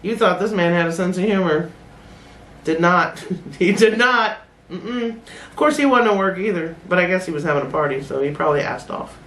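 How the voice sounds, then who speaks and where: A woman's voice: fairly low pitch, expressive, moderate pace, fairly bright tone, slight background noise. Blunt, laughing middle-aged woman in an echoey room. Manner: blunt, laughing, swears freely. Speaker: reaction video host. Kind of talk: casual reaction commentary.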